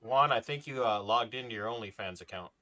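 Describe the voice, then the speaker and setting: A talk-show co-host with a medium-pitched, bright, forceful voice delivers an impassioned podcast rant a little quickly. He speaks with passion and hard emphasis, and his pitch climbs as he gets worked up.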